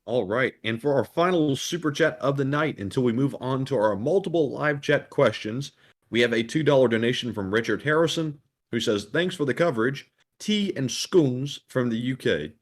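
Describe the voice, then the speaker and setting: Give me a man co-hosting a live stream who reads viewer messages in a plain, steady voice. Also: mid-range voice, moderate pace. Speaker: co-host reading super chats.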